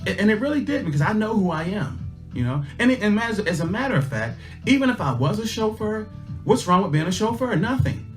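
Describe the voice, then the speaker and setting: A man's voice: sits high, big pitch swings, fairly quick. Folksy middle-aged man telling stories. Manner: folksy, emphatic, repeats his lessons. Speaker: livestream host. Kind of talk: casual livestream storytelling with life lessons. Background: faint guitar music.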